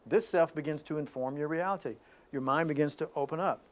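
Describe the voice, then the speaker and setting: A man hosting an informal spiritual talk, telling stories in an animated way with frequent restarts. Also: on the high side, a little fast.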